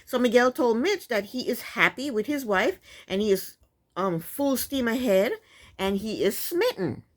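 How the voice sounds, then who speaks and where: Sassy, animated woman recapping TV. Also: on the high side, a little slow. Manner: blunt, sassy, chatty with frequent asides. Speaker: TV recap vlogger. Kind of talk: casual opinionated recap.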